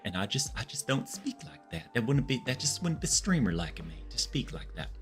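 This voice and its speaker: A man streaming a game, telling long rambling stories in a casual, animated way, with lots of restarts. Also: medium pitch, brisk, soft background music. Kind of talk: casual storytelling chat.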